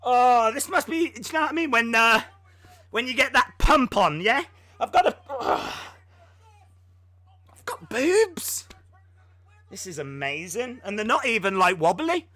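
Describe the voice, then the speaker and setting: A man's voice: very high-pitched, sing-song, a little slow, pauses often, bright, forceful tone, no room sound. A man hosting a casual live reaction stream, jokey and self-mocking, and out of breath.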